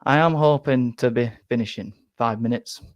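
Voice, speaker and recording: A young man hosting a fan channel chats casually on a live stream, reading out viewer comments while rambling, interrupting himself, and repeating or restarting words. He speaks at normal speed in a medium-pitched voice on a dry recording.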